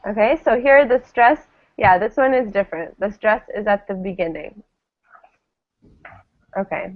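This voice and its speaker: Slow, patient woman teacher on a tinny line. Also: medium pitch. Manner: patient, models each word clearly. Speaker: English teacher. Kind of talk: classroom pronunciation drill. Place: classroom. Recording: tinny phone-like classroom recording.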